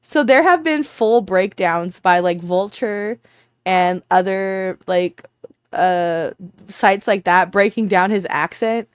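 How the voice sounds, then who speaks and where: A woman co-hosting a casual chat, telling animated stories and laughing often. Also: mid-range voice, takes it slowly, clear, resonant tone, no room sound, studio quality. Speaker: podcast co-host. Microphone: remote call mic.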